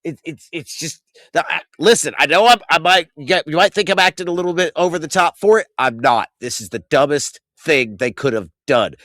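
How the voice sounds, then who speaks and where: A man's voice: fairly quick, hardly any pauses, no room sound, clean studio sound. A man in his thirties hosting a casual wrestling recap, ranting with exasperated, profane energy. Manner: animated ranting, swings loud and high when outraged. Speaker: podcast host.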